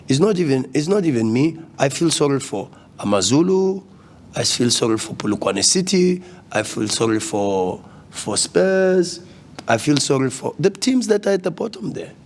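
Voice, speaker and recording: A man's voice: mid-range voice, darkish tone. A man, a football coach speaking at a post-match press conference, passionate and repeating words when agitated. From South Africa.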